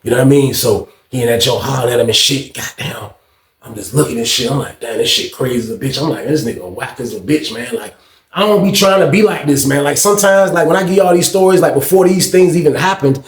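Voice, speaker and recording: A man telling a prison story in casual talk, acting out other people's lines with shouts and slang. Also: medium pitch, fast talker, reverberant. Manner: animated, acts out shouted quotes in a raised voice; heavy profanity and slang.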